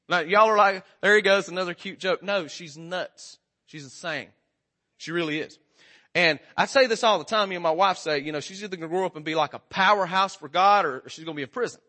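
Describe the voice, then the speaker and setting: A man's voice: sits high, sharp tone. A man in his forties preaching a sermon in a conversational, joking way, often quizzing the congregation. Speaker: pastor.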